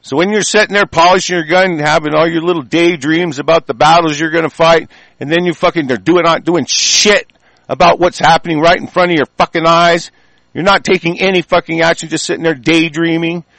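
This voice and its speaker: A man's voice: a little high, fairly even intonation, fairly quick, fairly bright tone, no echo. A man delivering an angry, heated monologue full of profanity and stumbling restarts.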